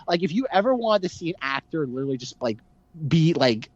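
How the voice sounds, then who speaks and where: A man chatting casually on a movie podcast, rambling with a constant "like" and acting out lines from the films. His pitch swings widely as he talks. The sound is dry and a little dull, like a home mic with the top end cut. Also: brisk, no room sound. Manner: rambling, heavy use of "like", lively impressions. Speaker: podcast co-host. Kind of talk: casual film discussion.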